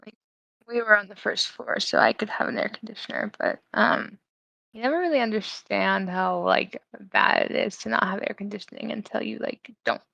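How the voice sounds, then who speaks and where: A woman's voice: medium pitch, moderate pace, gravelly, sharp tone, dry recording, poor audio. A young woman co-hosting a casual chat, telling stories and laughing through them. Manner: giggly storyteller, laughs through her stories. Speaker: podcast co-host.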